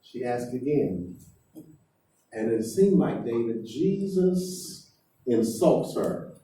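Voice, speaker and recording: An emphatic preacher who keeps questioning his congregation, his voice dark and heavy. He speaks at an unhurried pace. The sound reaches the mic from a distance through a strongly echoing church hall. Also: mid-range voice, big pitch swings. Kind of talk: sermon. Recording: echoey hall heard from afar.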